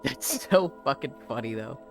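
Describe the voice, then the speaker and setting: Soft background music accompanies a live streamer who walks while talking at normal speed in an animated, medium-pitched voice. The chat is casual: funny anecdotes full of laughter and swearing, with the characters acted out.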